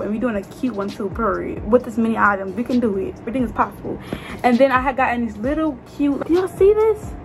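A young woman, chatting to camera as a beauty vlogger, expressive and exclamatory, full of slang. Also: fairly high pitch. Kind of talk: casual chat to camera.

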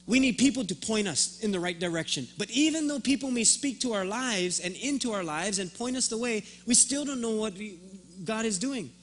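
A man's voice: high voice, lively intonation, moderate pace. A man preaching a sermon as pastor, telling a story and acting out both sides of the conversation, often repeating words as he starts a thought.

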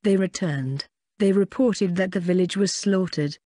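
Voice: medium pitch, measured pace, warm tone, no echo, natural voice. A synthetic-sounding reader voicing a nervous male butler in an audiobook, dutifully reporting to his master. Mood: worried.

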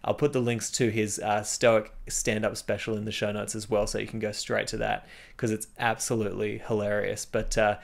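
A man's voice: fairly low pitch, flat delivery, normal speed, vocal fry, few pauses. An Australian man hosting a casual podcast interview, chatty, with many fillers and restarts and frequent laughter. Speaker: podcast host.

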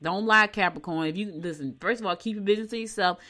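A middle-aged woman, co-hosting a morning show in casual chat, reading horoscopes and telling animated stories. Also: mid-range voice, quick pace. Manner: chatty, animated storytelling.

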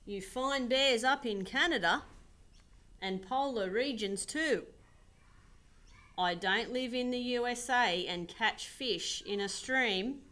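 A woman's voice: on the high side, slow, bright, forceful tone, a little hiss or hum. A woman voicing a grumpy, fed-up male koala who rants in rhyme in a storybook reading. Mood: indignant. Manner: indignant, ranting in rhyme.

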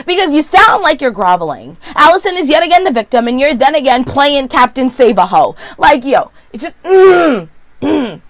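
A woman giving a sassy, opinionated recap of a TV episode in a casual vlog, full of quick asides. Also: high voice, big pitch swings, no echo. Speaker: vlogger.

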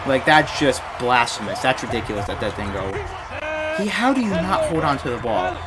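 A young man giving live commentary while playing a football video game, ranting in frustration, swinging between low mutters and loud outbursts. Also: big pitch swings, a little fast, over a noisy crowd, heavy background noise. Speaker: gaming YouTuber.

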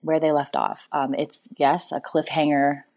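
A woman's voice: sits low, flat delivery, measured pace, a little mellow. A woman from Canada leaving a thoughtful, somewhat hesitant listener message as a podcast caller.

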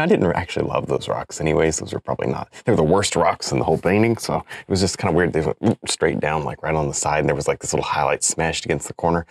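A man's voice: sits low, no echo, studio quality. A man demonstrating an oil painting, chatting casually and thinking aloud as he works. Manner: relaxed, chatty, thinks aloud with small laughs. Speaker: painting instructor.

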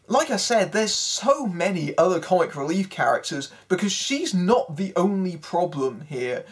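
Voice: mid-range voice, slightly rough. A film critic giving a spoken review in a sarcastic, exasperated manner.

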